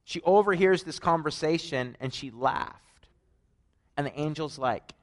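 A man's voice: a little high, measured pace. A man with a Canadian accent preaches a conversational sermon, telling stories with joking asides. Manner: animated storytelling, joking asides.

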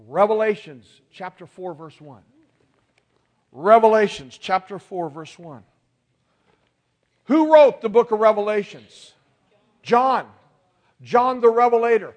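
A man's voice: sits high, unhurried, long pauses. A male pastor preaching a sermon, emphatic and calling on the congregation to respond.

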